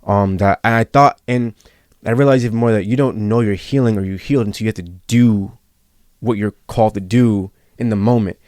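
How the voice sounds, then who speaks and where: A man's voice: fairly low pitch, steady tone, a little fast, darkish tone, no echo, clean studio sound. A young man as a podcast guest, telling a personal story in casual, earnest talk, repeating himself and saying bro and yo. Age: young adult.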